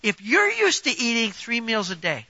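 A man's voice: extremely high pitch, wildly swooping pitch, moderate pace, pushed and bright, dry recording, highs cut off. A man preaching a sermon in a conversational, emphatic way, often throwing rhetorical questions at the congregation and giving personal examples.

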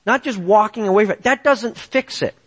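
A middle-aged man preaching a sermon, telling a personal story in an animated way and often checking in with the audience. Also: high-pitched, fairly quick, slightly rough.

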